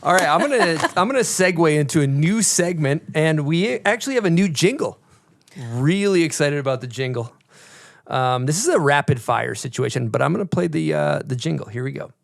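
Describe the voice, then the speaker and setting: A man hosting a casual podcast, reading a sponsor spot and chatting with guests, upbeat and quick to laugh. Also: a little high, expressive, vocal fry, no room sound, studio quality. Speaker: podcast host. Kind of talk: casual podcast chat and ad read. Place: small podcast studio.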